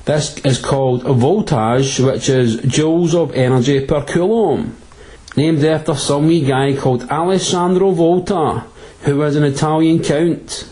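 A Glasgow man with a Glaswegian accent teaches physics as a tutor, and his comic lesson is crude, jokey and full of slang. His voice is fairly high and warm, and he keeps a measured pace.

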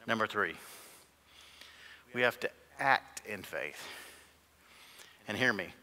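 A man preaching from the pulpit with a bright, forceful voice, swinging between hushed asides and ringing, shouted peaks. His voice rolls out into a church hall with a long reverb tail. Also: on the low side, animated, slow. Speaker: pastor. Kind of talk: sermon. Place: church sanctuary.

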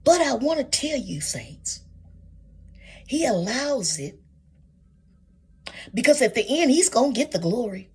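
A woman's voice: on the high side, sing-song, measured pace, long pauses, a little mellow, slightly rough. A woman preaching a sermon, calling her listeners saints and asking question after question, sometimes dropping to a whisper.

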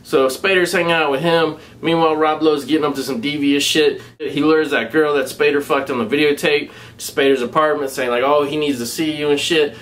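A man with a Southern US accent and a somewhat high-pitched voice retells a film plot in loose, casual spoken review style. He talks in a rambling, laid-back way, packing his sentences with profanity. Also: fairly even intonation, a little fast, few pauses, fairly bright tone. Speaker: movie reviewer.

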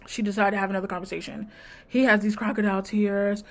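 A woman's voice: mid-range voice, fast. A woman reality-TV recap vlogger, sassy and blunt, mid-range voice. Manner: sassy, blunt, mimics cast members' lines. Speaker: TV review vlogger. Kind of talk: casual reality-show recap.

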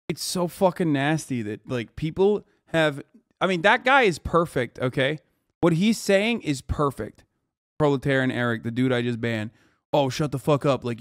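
A man's voice: fairly high pitch, no echo, studio quality. A man streaming live, reacting in a heated, profane rant. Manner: angry, profane ranting.

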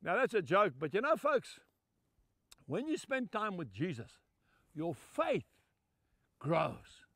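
A man's voice: high-pitched, sing-song, slow pace, long pauses, a bit bright, no room sound, studio quality. An older man from Zimbabwe, preaching a sermon through emphatic, heartfelt storytelling.

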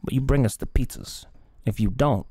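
A man's voice: medium pitch, normal speed, dark tone, breathy edge, no echo, studio quality, lightly acted. A man voicing a menacing leech cartel boss who talks like a crude gangster, with a put-on Mexican Spanish accent and slang. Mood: threatening. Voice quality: thuggish, drawling gangster talk.

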